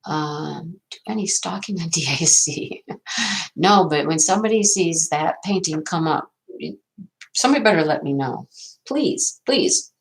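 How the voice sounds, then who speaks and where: Middle-aged woman, fairly low voice, casual livestream chat, rambling, answers comments. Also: animated, unhurried, creaky, rough recording. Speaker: livestream host.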